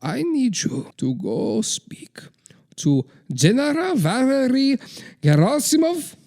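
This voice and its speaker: A man's voice: high-pitched, huge pitch swings, moderate pace, creaky, darkish tone, exaggerated voice. A man voicing an aging, bored strongman leader who coaxes a nervous aide with mock-sweet promises and gleeful cruelty, in a comedy sketch. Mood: scheming.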